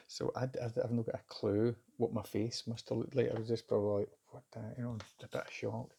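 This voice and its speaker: A middle-aged man telling a personal story in a candid, halting, reflective way. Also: medium pitch, little pitch movement, vocal fry, warm tone, husky. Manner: candid, halting, self-searching. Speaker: vlogger recounting a job interview.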